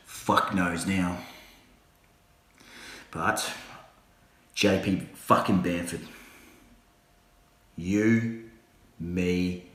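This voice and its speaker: A man's voice: deep voice, fairly bright tone, echoey room. A man cutting an angry, swearing wrestling promo, full of threats. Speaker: backyard wrestling promo talker.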